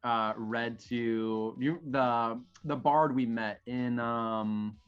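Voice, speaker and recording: Rambling, slow-talking man narrating a story. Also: medium pitch, steady tone, clean tone, muffled recording. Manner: rambling, many fillers. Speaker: player reading a prepared story. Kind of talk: casual tabletop game chat and storybook narration.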